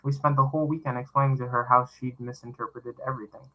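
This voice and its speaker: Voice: mid-range voice, level tone, fast, pushed and bright, close to an everyday voice, low-quality recording. A man reading as a chatty gossiping parent. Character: gossiping adult parent at a party.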